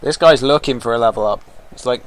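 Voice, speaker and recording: Male gaming commentator, mid-pitched, gleeful trash talk, slight noise under the voice. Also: fast talker. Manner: excitable, taunting trash talk. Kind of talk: let's-play commentary.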